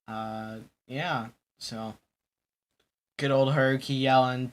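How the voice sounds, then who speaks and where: A man's voice: medium pitch, a little slow, a bit bright. A young man hosting a casual chat stream, rambling and joking, often breaking into laughter. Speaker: stream host.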